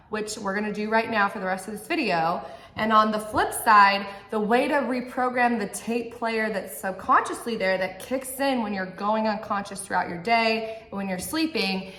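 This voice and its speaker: A woman's voice: mid-range voice, a bit bright. A woman giving a motivational talk to camera as a mindset coach, earnest and direct, often checking in with the viewer. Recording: echoey room.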